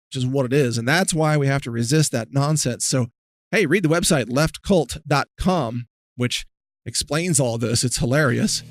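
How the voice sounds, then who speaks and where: A man's voice: medium pitch, no room sound. A man hosting a podcast, delivering a sarcastic, mocking political rant. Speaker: podcast host. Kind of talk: ranting political monologue.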